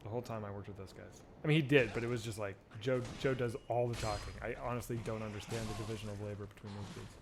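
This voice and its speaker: A man with a fairly low, steady voice streams a game and chats loosely with viewers, talking fast with few pauses while rambling, cursing, and often restarting his sentences. Background noise can be heard.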